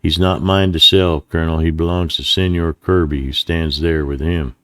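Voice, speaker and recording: A man voicing a steady, courteous middle-aged ranch owner who speaks calmly and politely. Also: rumbling low, normal speed, dry recording, studio quality.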